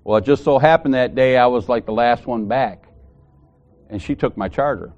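A man's voice: mid-range voice, normal speed, highs cut off. Man animatedly retelling a workplace story. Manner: animated, acts out dialogue, repeats phrases for emphasis. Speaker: church elder sharing a personal story. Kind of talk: casual conversational storytelling.

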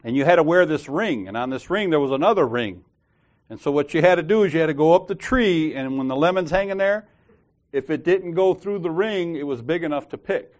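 A man's voice: fairly high pitch, animated, fairly quick. A man leading a church group, talking casually and telling a story in a laughing, slangy way. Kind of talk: casual storytelling and Bible discussion.

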